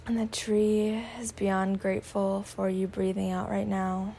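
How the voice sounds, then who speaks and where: A woman guiding a meditation, speaking slowly and softly, often slipping into a whisper. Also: medium pitch, flat delivery, vocal fry, slight background noise. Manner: slow, soft-spoken, drifting into whispers; warm spiritual affirmations. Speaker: meditation guide. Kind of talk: guided meditation.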